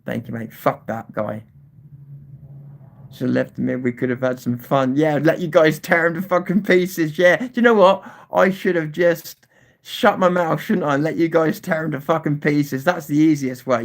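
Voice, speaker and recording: A man's voice: on the high side, steady tone, normal speed, vocal fry. A man hosting a live stream and reading chat aloud, talking in a confrontational, swearing manner at times and apologetic at others. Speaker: livestream host.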